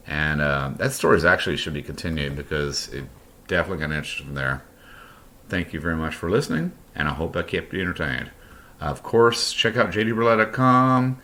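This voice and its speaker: Middle-aged male podcast storyteller, very low voice, rambling and profane, slightly drunk. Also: fairly bright tone. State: has been drinking. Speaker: podcast host. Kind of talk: storytelling monologue.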